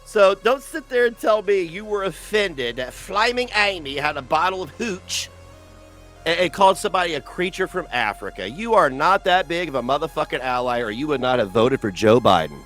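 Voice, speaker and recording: Male streamer, animated, profane and mocking, faint music underneath. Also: a little high, normal speed. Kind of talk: ranting livestream commentary.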